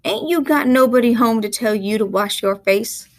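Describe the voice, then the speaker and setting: A woman's voice: fairly high pitch, moderate pace, no room sound, close to an everyday voice. A woman teacher voicing a stern woman who scolds a boy in a rural Southern dialect, read aloud from a story. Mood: scolding. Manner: firm, scolding, drawled dialect.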